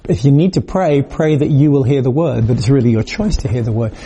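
A man's voice: medium pitch, a little fast, dark tone, a little hiss or hum. A man preaching a video sermon in a conversational, storytelling way, acting out quoted voices.

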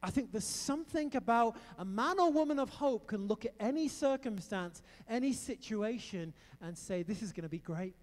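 Man, middle-aged, preacher, sermon, high voice, long hall reverb. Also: normal speed, few pauses. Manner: animated storytelling with emphatic outbursts.

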